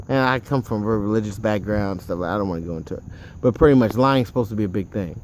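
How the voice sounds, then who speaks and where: A man's voice: fairly low pitch, fast talker, darkish tone, slight background noise. A man telling a personal story in a casual monologue, rambling and digressive, with frequent asides and the odd curse. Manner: offhand, with occasional swearing.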